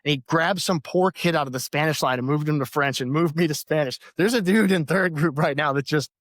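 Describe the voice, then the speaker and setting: A man who is an Army veteran and a podcast guest, telling lively anecdotes with frequent laughter and acted-out quotes in casual conversation. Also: a little high, fairly quick, dry recording. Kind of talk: casual storytelling.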